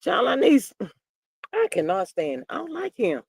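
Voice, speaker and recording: Animated, sassy woman livestream host. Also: moderate pace, vocal fry, husky, no room sound. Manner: animated, blunt and sassy, swings between loud outbursts and low mutters. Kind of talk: casual gossip commentary reading live chat.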